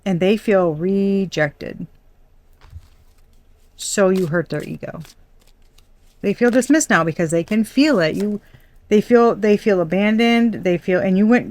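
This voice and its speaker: A woman's voice: mid-range voice, a little slow, a little mellow. A young adult woman doing a casual tarot reading, chatty and blunt, swearing and laughing often. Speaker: tarot reader.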